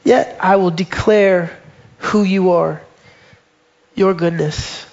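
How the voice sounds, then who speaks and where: A man with a high, light voice preaches a sermon with emphasis, slowing and softening almost to a whisper on quoted lines. The recording is dull and muffled. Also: fairly even intonation.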